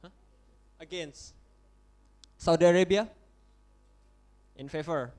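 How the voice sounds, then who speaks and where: A young man with an Indonesian accent, chairing a model UN vote in English, halting and often correcting himself as he calls on delegates. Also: fairly high pitch, a little mellow. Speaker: conference chair.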